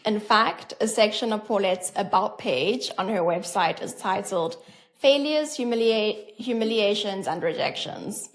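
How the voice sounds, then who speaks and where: A woman's voice: mid-range voice, animated, measured pace. A woman podcast host reading a scripted introduction, then asking thoughtful interview questions.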